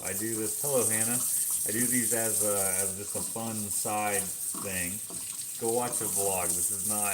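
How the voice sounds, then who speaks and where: A man from Canada rambling in casual chat to a live chat while he cooks in his home kitchen. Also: lowish voice. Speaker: vlogger. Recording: clattering kitchen noise.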